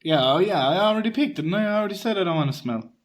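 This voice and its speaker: Deadpan man, slightly high voice. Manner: deadpan, quick retorts. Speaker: podcast co-host. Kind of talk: casual comedy chat.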